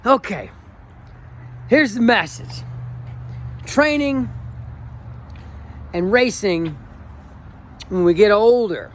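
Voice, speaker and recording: High-voiced emotional coach in his forties. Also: lively intonation, slow, long pauses, slight background noise. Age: 40s. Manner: enthusiastic, emotional, rambling with restarts. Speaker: running coach. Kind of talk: casual motivational vlog.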